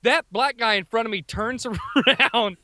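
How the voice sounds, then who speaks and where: A man co-hosting a podcast, telling a wild story in an animated, profane, quick-talking way. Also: extremely high pitch, dry recording, clean studio sound. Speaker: podcast co-host. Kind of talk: casual storytelling.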